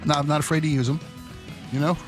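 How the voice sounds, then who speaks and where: A man's voice: fairly high pitch, steady tone, quick pace, over loud music. A man co-hosting a radio talk show, bantering playfully and laughing a lot. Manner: playful, joking, laughs often. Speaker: radio co-host. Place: radio studio. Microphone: studio microphone.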